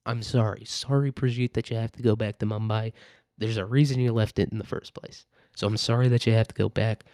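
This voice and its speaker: A man's voice: lowish voice, fairly even intonation, a little fast, dark tone, no room sound, clean studio sound. A man hosting a solo podcast, ranting in a profane, sarcastic, rambling way. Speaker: podcast host. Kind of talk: casual solo rant.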